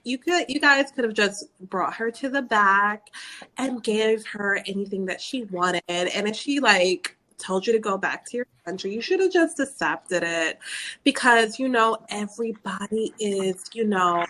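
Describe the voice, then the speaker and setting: A woman's voice: medium pitch, a bit bright. A woman voicing an entitled, prim Karen figure in a sarcastic, mock-earnest parody bit.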